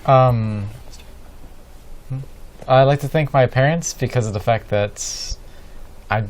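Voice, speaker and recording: A teenage boy answers in a halting, self-amused way with many pauses. His voice sits at a middle pitch. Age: late teens. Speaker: graduating student. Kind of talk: interview answers.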